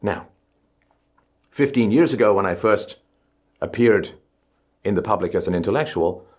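Man giving a speech, deep husky voice, emphatic, middle-aged. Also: lively intonation, normal speed, a little mellow. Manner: emphatic, rising to stressed words. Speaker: speaker. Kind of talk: public speech.

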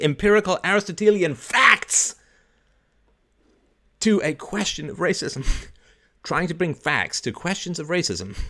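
Middle-aged male livestream host, lively swooping delivery, mocking, quick to laugh, acts out quoted voices. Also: on the high side. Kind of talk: casual livestream monologue.

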